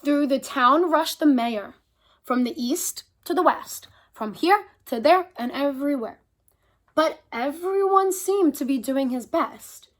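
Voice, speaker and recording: Animated high-voiced storybook reader. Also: female voice, unhurried. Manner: animated, expressive, talks to young listeners. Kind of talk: reading a picture book aloud to children.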